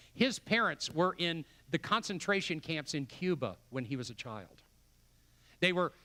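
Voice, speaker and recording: A man's voice: a little high, a bit bright. An older man preaching a sermon as pastor, emphatic and building with repeated phrases. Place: church sanctuary.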